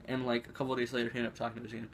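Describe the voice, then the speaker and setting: A man's voice: medium pitch, completely flat delivery, very fast, a little hiss or hum. Rambling teen guy telling a story. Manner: rambling, filler-heavy, restarts often. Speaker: vlogger. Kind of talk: casual storytelling. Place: room at home.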